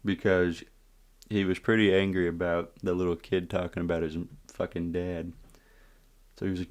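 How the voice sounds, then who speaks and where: Deep-voiced man telling a wild story. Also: normal speed, smooth. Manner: profane, animated retelling with asides to viewers. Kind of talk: casual story time.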